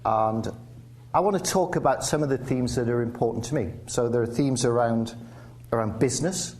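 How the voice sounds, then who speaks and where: A man's voice: mid-range voice, normal speed, a little mellow. A man from England giving a conversational public lecture with wry asides and frequent restarts. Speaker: guest speaker. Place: lecture theatre. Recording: faint background noise in a lecture hall.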